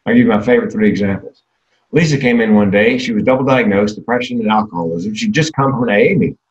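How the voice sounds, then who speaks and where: A man's voice: lowish voice, fast talker, dull audio. Man joking darkly in a keynote. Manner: candid, dark self-deprecating humor. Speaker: keynote speaker and comedian. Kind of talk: comedic keynote talk.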